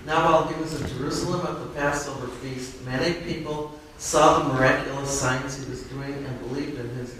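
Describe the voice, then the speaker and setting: A man in a class reading a Bible passage aloud at a steady, even pace. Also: medium pitch, slight background noise. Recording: echoey room, speaker far from mic.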